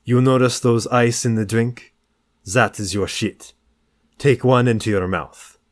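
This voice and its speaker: A man voicing an intense French stranger with a French accent, speaking in a slow, commanding, insistent way. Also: medium pitch, dry recording, clean studio sound, pitched above the performer's own voice, close to an everyday voice.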